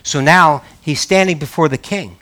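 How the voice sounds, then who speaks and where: Man, pastor, conversational sermon, emphatic outbursts, slightly high voice. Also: moderate pace. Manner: animated, conversational preaching with rising emphatic outbursts.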